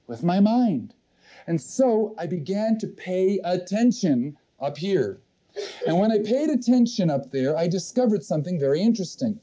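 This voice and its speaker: A seminar leader with a high, warm voice runs a motivational session. He tells a personal story earnestly and speaks directly to the live audience.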